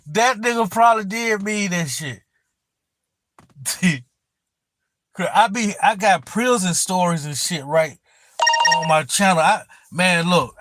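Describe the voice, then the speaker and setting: Man, high voice, dry close sound; slangy, profane livestream talker who tells stories with energy. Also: no room sound. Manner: loose, profane, street slang; animated storyteller. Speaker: YouTuber on a livestream. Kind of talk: casual livestream chat.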